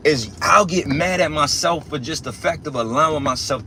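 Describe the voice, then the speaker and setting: A man's voice: fairly high pitch, a little fast, few pauses, pushed and bright, slight background noise. A young man giving a casual spiritual rant as a religious teacher, emphatic and profane, repeating himself and restarting often.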